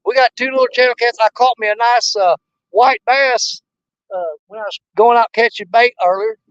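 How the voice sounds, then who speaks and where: An older man from Missouri, United States, hosts a fishing livestream on a river, chatting casually with viewers in a folksy way, joking and laughing often. His very high-pitched voice is smooth and a bit bright at a normal speed, and the audio is dull with no room sound.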